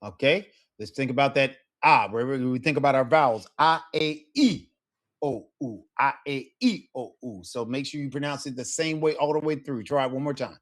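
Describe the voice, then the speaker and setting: A man teaching a one-on-one Spanish lesson, patient and encouraging, modeling words slowly for a student. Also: medium pitch, animated.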